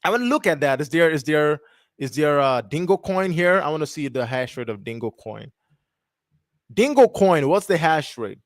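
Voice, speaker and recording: A young man with a high-leaning voice and lively intonation hosts a crypto livestream in clean studio sound with no room echo. He thinks aloud in a rambling way, correcting himself, and reads web text off the screen haltingly with stumbles and restarts.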